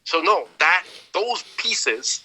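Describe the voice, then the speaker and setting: Bright-voiced man explaining in casual talk. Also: high voice, very animated, slow pace, husky, rough recording. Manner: explanatory, repeats words while thinking. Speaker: podcast co-host. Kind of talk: casual chat.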